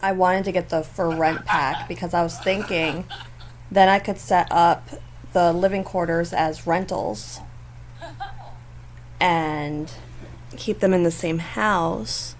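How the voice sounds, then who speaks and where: A woman's voice: lowish voice, fairly even intonation, slow, a little hiss or hum. A woman hosting a gaming channel, giving chatty, giggly gameplay commentary. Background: faint neighbors outdoors.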